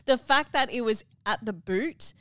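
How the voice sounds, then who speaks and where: A young Australian woman co-hosting a podcast, telling a story in a dramatic, animated way. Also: on the high side, unhurried, clear, resonant tone, no room sound. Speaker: podcast co-host. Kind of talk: casual chat, storytelling.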